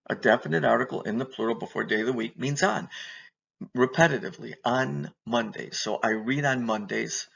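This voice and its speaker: A man with a deeply gravelly, husky voice walks through a verb lesson, posing questions and answering them himself. The recording sounds dull and lo-fi. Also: a bit bright. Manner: patient, asks and answers his own questions. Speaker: Spanish teacher.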